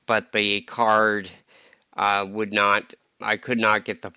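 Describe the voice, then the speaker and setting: A man with a low, bright and smooth voice talks through a personal podcast monologue. He stops and starts, leans on "um" and sounds stressed. The sound is dry and a little dull, like a lo-fi home recording. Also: completely flat delivery, no room sound. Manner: halting, full of ums and restarts, stressed. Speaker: podcast host.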